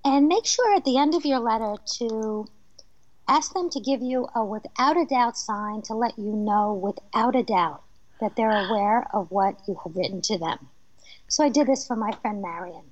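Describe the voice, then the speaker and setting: A fairly high-pitched woman from New Jersey tells her stories in a lively way and laughs often, as a guest on a radio interview. The sound is dull and muffled, and it is dry with no room echo. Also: normal speed. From New Jersey, USA. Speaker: medium and author, guest.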